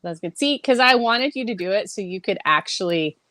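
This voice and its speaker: A woman's voice: mid-range voice, expressive, a little fast, sharp tone, no room sound. A woman co-hosting a casual podcast, reading news aloud, teasing her co-host and laughing often.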